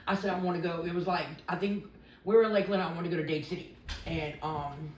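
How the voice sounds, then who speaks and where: A woman's voice: on the low side, fairly even intonation, fast, darkish tone, slight background noise. A woman telling a candid personal story in a rambling way, quoting what others said along the way. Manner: rambling, quotes others' lines. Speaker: interviewee sharing a recovery story. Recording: roomy sound from a distant mic.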